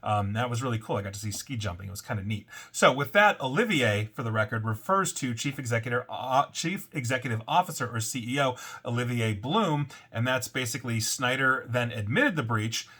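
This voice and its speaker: A man's voice: medium pitch, expressive, brisk, hardly any pauses, bright, forceful tone, slightly rough. A man hosting a weekly data breach show, talking casually and rambling with fillers and self-corrections. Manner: reads quotes aloud in a put-on French accent. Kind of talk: casual solo commentary.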